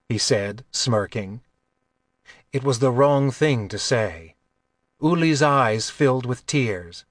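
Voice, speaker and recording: A man narrating an audiobook with a measured, even delivery on a close mic. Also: mid-range voice, dry recording.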